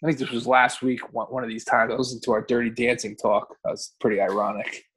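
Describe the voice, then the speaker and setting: A man's voice: mid-range voice, flat delivery, fast talker, fairly bright tone, slight background noise. A man co-hosting a podcast, telling rambling, profane stories in casual chat and often correcting himself. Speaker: podcast co-host.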